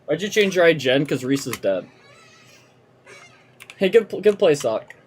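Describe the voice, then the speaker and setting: A young adult woman chats and rants during a live game stream, swearing constantly in an animated, profane way. Her voice sits low and moves at a normal speed, with a faint hiss or hum in the background.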